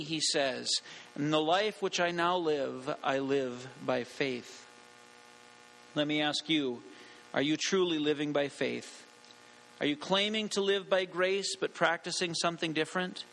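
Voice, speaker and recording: A man's voice: high-pitched, sharp tone, rough recording. Earnest male pastor preaching. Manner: earnest, deliberate, slowing for emphasis. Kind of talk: sermon.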